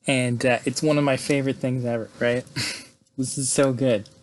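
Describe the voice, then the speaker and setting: A man giving a casual, excited movie recap, peppering his talk with "like" and "right?". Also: mid-range voice, normal speed, slight background noise. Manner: chatty, excited, fills with "like" and "right?". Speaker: movie reviewer.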